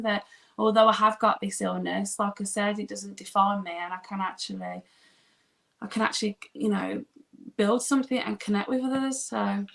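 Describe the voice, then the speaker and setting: Woman, interview guest, earnest, open, slightly hesitant, gravelly fry. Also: medium pitch, a bit bright. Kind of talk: interview conversation.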